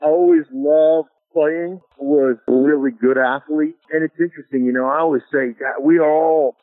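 His voice is on the high side, with fairly even intonation and normal speed. In a casual interview over a tinny, dry phone line without echo, this middle-aged Alaskan ex-pro football lineman tells stories easygoingly, chuckling and using many "you know" fillers.

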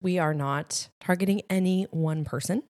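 A woman co-hosting a podcast, chatting casually and telling lively family stories. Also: on the low side, moderate pace, no echo, clean studio sound. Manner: animated storyteller acting out family moments. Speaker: podcast co-host. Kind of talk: casual chat.

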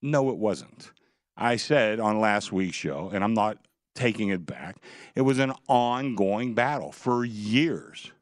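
A man's voice: lowish voice, lively intonation, dry recording, clean studio sound. A man who directs a sportsbook, speaking firmly and matter-of-factly as a guest. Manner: measured, firm, matter-of-fact. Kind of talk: radio guest interview.

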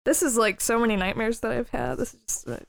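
A woman's voice: a little high, very animated, quick pace, vocal fry, very noisy. A woman playing a tabletop game, giggly and flustered. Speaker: player. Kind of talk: casual tabletop game play.

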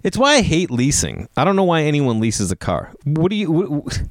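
A man's voice: on the high side, very animated, moderate pace, dry recording, studio quality. A man in his thirties talking casually on his own podcast, rambling through stories and acting out quotes in a raised voice. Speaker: podcast host. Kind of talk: casual solo podcast monologue.

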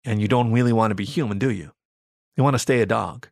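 A man's voice: lowish voice, fast talker, gravelly, no echo, studio quality. A man voicing a flustered, exasperated pregnant female canine who stammers and protests.

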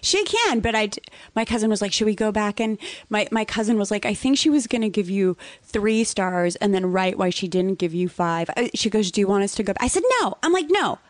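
An animated woman spins a story in casual talk, acting out each voice she quotes and climbing to near-shouting when it gets heated. Her voice is dry and close, with no room around it. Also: mid-range voice, fairly quick, no room sound. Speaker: guest author.

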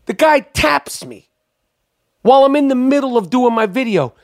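A man hosting a podcast, telling a long story in a rambling, profane, excitable way. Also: extremely high pitch, normal speed, no room sound, clean studio sound. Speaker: podcast host. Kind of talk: casual storytelling monologue. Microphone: podcast microphone.

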